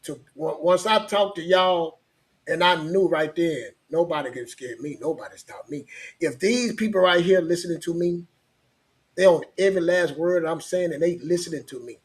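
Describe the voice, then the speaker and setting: A man's voice: on the high side, moderate pace. A man telling a personal story in casual podcast chat, rambling and repeating himself, with frequent laughs.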